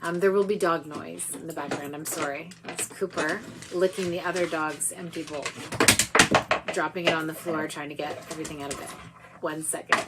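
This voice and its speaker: A woman's voice: sits low, fairly even intonation, moderate pace, heavy background noise. A woman author speaking at home over a video stream, chatty and self-deprecating, filling her talk with ums and small laughs. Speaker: author giving a reading. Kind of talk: casual talk at a livestreamed book reading.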